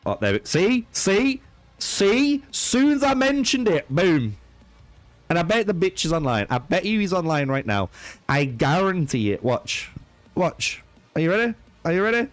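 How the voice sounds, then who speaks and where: During a live strategy-game stream, a young man with a highish, very animated voice swears constantly and trolls with his chat, lurching between anger and laughter. His pace is moderate, and there's no room sound.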